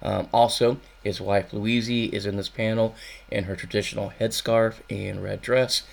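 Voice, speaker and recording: Gravelly low-voiced radio host. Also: male voice, steady tone, measured pace. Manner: rambling, tongue-in-cheek, many ums. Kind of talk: casual radio chat.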